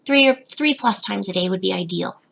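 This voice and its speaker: Young woman chatting on a webcam livestream, giggly, voice kinda cracky and fry-ish, bright tone. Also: medium pitch, fairly quick. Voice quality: voice slightly cracking. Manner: chatty and giggly, reads comments aloud. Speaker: fish-keeping channel host, betta breeder. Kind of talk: casual livestream Q&A, reading chat.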